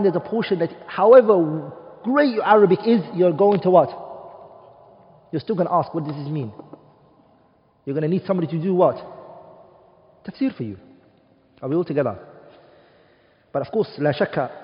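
Emphatic man teaching a class, reverberant room. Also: on the high side. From United Kingdom. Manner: emphatic, asks the class rhetorical questions; mixes Arabic terms into English speech. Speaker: teacher of an Arabic studies class. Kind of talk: classroom lecture. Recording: dull, reverberant classroom recording.

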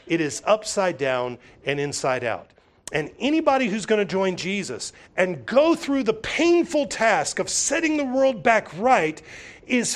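A pastor preaching a sermon, with emphatic, repeating phrases and frequent restarts. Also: male voice, high-pitched. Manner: acts out voices of others when telling stories.

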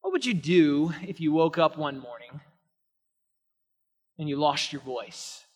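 Male pastor, sermon, high bright voice, big church echo. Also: animated, unhurried, husky. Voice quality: emphatic, swinging from soft to loud. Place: church sanctuary. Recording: long reverb of a large church hall.

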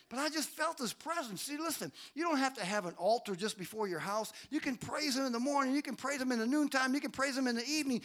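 A middle-aged man preaching a sermon in a church, calling for amens and swinging from loud cries to quiet, close talk. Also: fast talker, few pauses. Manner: preaching with call-and-response, swelling to shouts then dropping low. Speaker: pastor. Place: church sanctuary.

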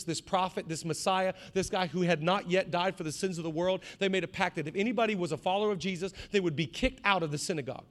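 High-voiced pastor preaching with rising fervor. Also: male voice. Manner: animated, rising to shouts, acts out voices. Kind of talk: sermon. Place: church.

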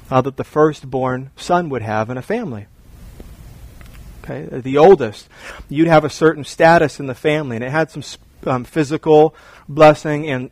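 Animated middle-aged preacher. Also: male voice, a little high, dry recording. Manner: animated, storytelling, repeats words. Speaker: pastor. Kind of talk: sermon.

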